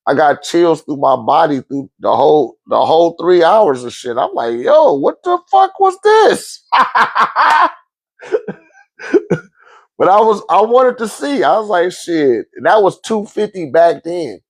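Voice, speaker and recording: A man in his forties or older telling a story casually, swearing often, laughing, and acting out quotes in sudden high outbursts. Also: normal speed, hardly any pauses, no room sound. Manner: profane, animated, laughs often. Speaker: podcast host telling a story.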